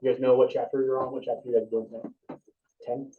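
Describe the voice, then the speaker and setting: A man's voice: mid-range voice, little pitch movement, fast. A man teaching an EMT class in an informal, casual way, often asking the students questions. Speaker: EMT instructor. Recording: dull distant room recording.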